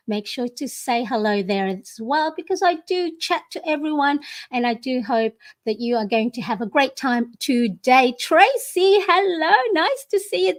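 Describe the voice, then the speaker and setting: A woman in her forties hosting a planner livestream from her home desk, chatty and bubbly, greeting viewers by name. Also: sits high. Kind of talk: casual live-stream chat.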